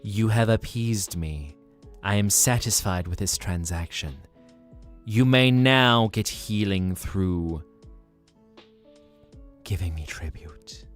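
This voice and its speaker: A man's voice: low voice, slow pace, pauses often, faint music behind, pitched below the performer's own voice. A man voicing a haughty house cat. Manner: regal, bossy commands.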